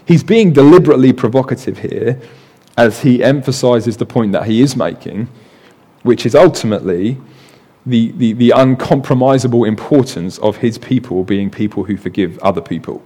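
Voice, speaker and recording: A man's voice: mid-range voice, moderate pace, warm tone, breathy edge. A man preaching a sermon in a conversational way, often adding "right" and repeating words as he explains.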